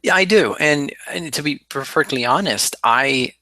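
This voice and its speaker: A man's voice: a little high, expressive, moderate pace, bright, forceful tone, no echo. A man co-hosting a car podcast, relaying a report in rambling casual talk with many ums and restarts. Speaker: podcast co-host.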